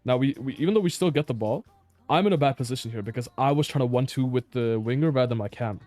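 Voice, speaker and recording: A man's voice: medium pitch, quick pace, a little mellow, dry recording, soft background music. Exasperated man breaking down match footage. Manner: blunt, exasperated, swears and laughs in disbelief. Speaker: player reviewing his own match footage. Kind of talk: casual gameplay review commentary.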